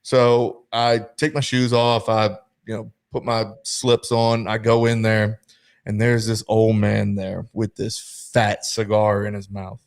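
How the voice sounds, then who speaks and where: A young man hosting a casual podcast, telling a story with lively acted-out quotes. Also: fairly low pitch, slow, gravelly, clear, resonant tone. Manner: animated, acts out quotes. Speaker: podcast host.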